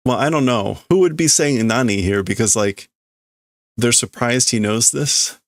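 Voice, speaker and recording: Slow gravelly man thinking aloud. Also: mid-range voice, no echo, clean studio sound. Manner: thinking aloud, hesitant, sounding out foreign words. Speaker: streamer host. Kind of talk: reading and translating a manga aloud on a livestream.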